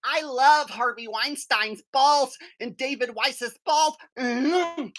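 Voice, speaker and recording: A man putting on a mocking impression of a shrieking, whooping male comedian, yelling and exaggerated. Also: slow, heavily acted. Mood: shrill mocking. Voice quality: shrill, yelling.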